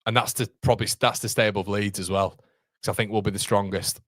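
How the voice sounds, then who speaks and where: A man hosting a live watchalong, shouting at the match and chatting with his viewers in British slang. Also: on the low side, fairly even intonation, brisk, dry recording, studio quality. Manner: uses British slang like lads, mate, muppets. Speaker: live-stream watchalong host. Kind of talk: excitable live football reaction chat.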